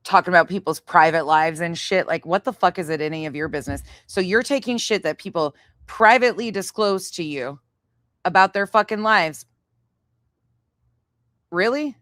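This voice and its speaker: A woman's voice: lowish voice, moderate pace, a bit bright, no room sound, clean studio sound. A woman streamer in an angry live-stream rant, swearing heavily and exasperated as she reacts to a clip. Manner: heavy swearing, exasperated ranting.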